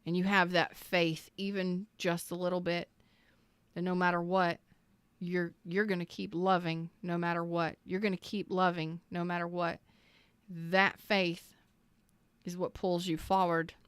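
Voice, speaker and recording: A woman's voice: lowish voice, flat delivery, unhurried, clear, resonant tone, dry recording. Emotional, earnest woman tarot reader. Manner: earnest, emotional, repeats phrases, near tears. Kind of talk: emotional tarot reading to camera.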